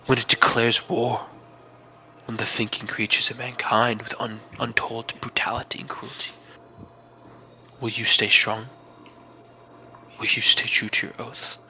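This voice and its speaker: A man voicing a serene, otherworldly female spirit guide, speaking softly and slowly in a hushed, half-whispered way. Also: medium pitch, little pitch movement, poor audio. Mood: solemn.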